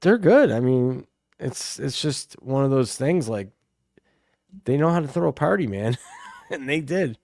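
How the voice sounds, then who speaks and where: A man's voice: mid-range voice, expressive, a little slow, gravelly, long pauses, darkish tone, no room sound, clean studio sound. A middle-aged man, co-hosting a casual chat and telling rowdy, profane stories full of acted-out quotes. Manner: rowdy storyteller, swears freely, acts out quotes. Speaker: podcast co-host.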